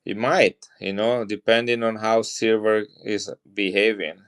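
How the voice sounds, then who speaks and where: A deep-voiced middle-aged man with an Italian accent talks casually on a live stream. He chats with viewers and shows off coins as he goes. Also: little pitch movement, a little slow. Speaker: coin seller on a live stream.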